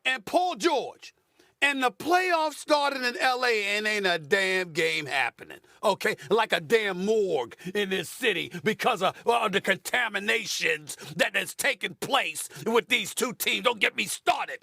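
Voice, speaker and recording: A man's voice: high-pitched, expressive, a little slow, creaky, pushed and bright, no room sound. A man hosting a sports debate show, boisterous and theatrical, repeating phrases for emphasis. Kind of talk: loud animated sports debate. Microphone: remote studio feed.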